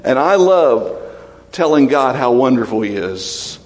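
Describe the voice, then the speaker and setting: A male pastor delivers his sermon with open emotion, climbing high and bright in praise and sinking low and hushed for warnings. His voice sits at an ordinary middle pitch, carried by the long reverb of a large hall. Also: a little slow. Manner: emotional, animated preaching with laughs and sudden drops to low, quiet tones.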